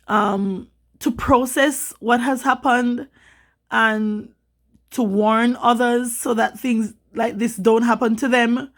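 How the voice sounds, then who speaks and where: A woman from Jamaica, vlogging in an emotional, rambling way and getting animated when she quotes people. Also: on the high side. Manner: rambling, upset, animated when quoting others. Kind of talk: emotional personal vlog.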